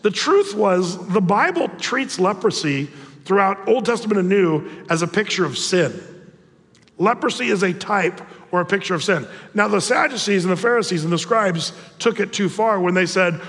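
A man preaching a sermon as pastor, conversational and animated, often restarting his phrases. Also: high-pitched, moderate pace, long reverb tail.

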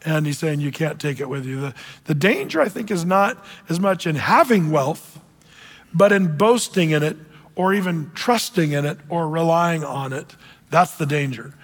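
A man's voice: on the high side, lively intonation, normal speed. A man preaching a casual sermon to a men's group, reading scripture aloud in old-fashioned wording. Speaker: pastor. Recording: long hall reverb.

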